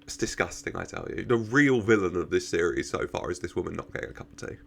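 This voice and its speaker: A man's voice: low-pitched, animated, fast talker, creaky, a bit bright, a little hiss or hum. A man giving casual reaction commentary, chatting, laughing often and talking back to the characters on screen. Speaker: reaction video host.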